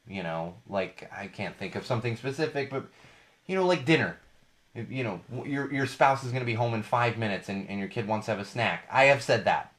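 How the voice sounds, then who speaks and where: A man's voice: mid-range voice, lively intonation, normal speed, fairly bright tone. A young man hosting a podcast, talking casually about parenting with emphatic repetition and frequent fillers. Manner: emphatic, repeats points, many fillers and restarts. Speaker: podcast host.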